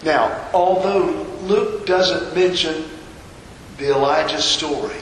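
A man's voice: fairly high pitch, slow, echoey room, in a large hall, a little hiss or hum, rough recording. A man preaching a sermon, retelling a scripture story and repeating rhetorical questions. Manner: storytelling, voices the figures' quoted lines, rhetorical questions.

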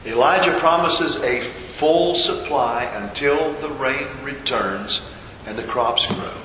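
A man delivers a sermon at a slow, measured pace, retelling a scripture story and circling back to rhetorical questions. His voice is bright and forward. It rings out with a long reverb, as in a large church hall, with a faint hum underneath. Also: mid-range voice. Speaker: preacher.

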